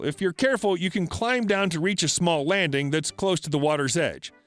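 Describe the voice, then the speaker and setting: Guy with a pretty high voice reading reddit-style stories, steady and even, soft music underneath. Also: no echo. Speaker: narrator. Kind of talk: scripted narration of online stories. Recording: faint background music.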